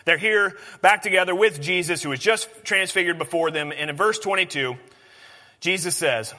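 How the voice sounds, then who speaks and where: A man's voice: high-pitched, moderate pace, sharp tone, long reverb tail. A man preaching a sermon in an earnest, conversational way, often restarting his sentences.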